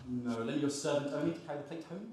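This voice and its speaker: A man's voice: fairly high pitch, quick pace, a little mellow, slight background noise, natural voice. An actor playing a blustering, vengeful male vintner in a comic live stage play, ranting in a comic way. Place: university theatre stage. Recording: echoey stage from afar.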